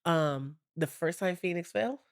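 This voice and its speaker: A woman's voice: on the low side, lively intonation, a little slow, clean tone, dry recording, clean studio sound. A woman in her thirties co-hosting a podcast in casual chat. She tells family stories with animation and acts out her daughter's lines. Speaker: podcast co-host.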